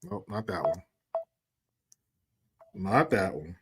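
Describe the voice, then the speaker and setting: A man's voice: low-pitched, very animated, slow, heavy background noise. A man giving a profane, rambling commentary rant on his vlog, blunt and sarcastic, with frequent restarts. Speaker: vlogger.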